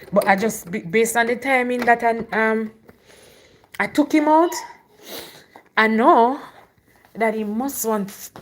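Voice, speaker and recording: A young adult woman, chatting casually on a live stream and loudly urging her dog along between asides. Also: on the high side.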